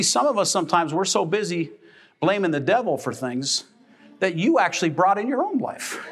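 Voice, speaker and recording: A man's voice: on the high side, a bit bright, husky. A man preaching a sermon as pastor, emphatic and calling out for responses from the congregation. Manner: emphatic, with call-and-response questions. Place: church sanctuary.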